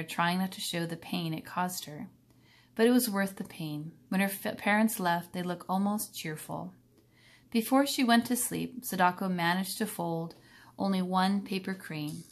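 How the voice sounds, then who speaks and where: Low-voiced woman reading a storybook. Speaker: reader. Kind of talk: reading a children's novel aloud.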